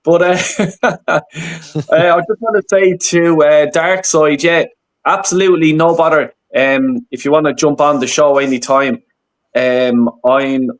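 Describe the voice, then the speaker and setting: Blunt, swearing host on a live stream. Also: male voice, on the high side, measured pace. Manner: swears freely, blunt and animated. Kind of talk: casual live stream chat.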